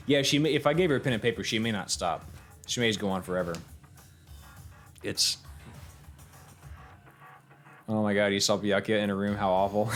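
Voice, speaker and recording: A man's voice: fairly low pitch, brisk, fairly bright tone, faint music behind. A young man streaming a game, chatting casually with viewers, swearing and laughing as he reads the game text aloud. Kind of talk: casual let's-play commentary, reading game text aloud.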